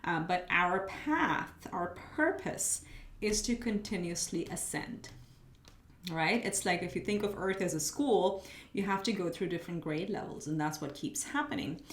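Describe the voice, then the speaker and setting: Hoarse-edged spiritual tarot reader, woman. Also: lowish voice, animated, a little slow, reverberant. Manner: chatty, spiritual, thinks aloud while laying cards. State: losing her voice, slightly muffled. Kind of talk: pick-a-card tarot reading.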